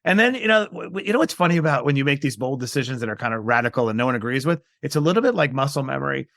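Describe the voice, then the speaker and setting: Gravelly-voiced storytelling man. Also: mid-range voice, rapid-fire, dry recording, clean studio sound. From New York, USA. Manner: animated, acts out quoted voices. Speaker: guest. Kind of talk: storytelling interview.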